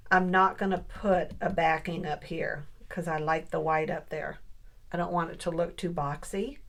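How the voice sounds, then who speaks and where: A middle-aged papercraft vlogger chats casually through a crafting tutorial, thinking aloud as she works and asking her viewers questions. Her voice is fairly low and gravelly.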